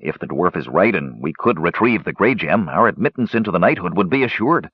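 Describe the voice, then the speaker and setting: An ambitious young knight speaks in low, gloomy tones in a storybook reading, voiced by a man. The voice is deep and husky. The sound is dry and dull. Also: lively intonation, fairly quick, no echo. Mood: earnest.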